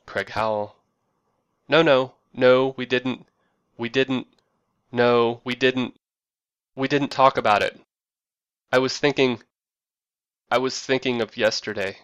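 A man voicing a flustered male office worker on phone calls, talking in halting, repetitive bursts. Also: mid-range voice, a bit bright, smooth, no room sound, dull audio. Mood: defensive. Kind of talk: acted quotes in a narrated essay.

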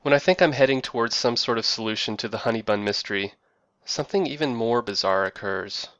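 A man reading a scripted narration with a dry, wry deadpan delivery. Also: lowish voice, smooth, no room sound, dull audio.

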